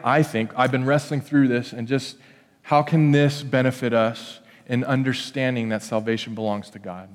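A man pastor preaching a casual, joking sermon full of restarts and asides. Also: medium pitch. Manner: conversational, joking, animated with many restarts. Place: church sanctuary. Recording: church hall with long reverb.

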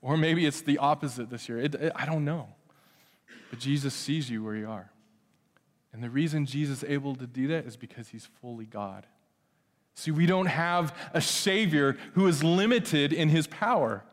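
A man preaching a conversational sermon as pastor, swinging between loud emphasis and hushed, tender passages. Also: on the high side, moderate pace. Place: church sanctuary. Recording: long hall reverb.

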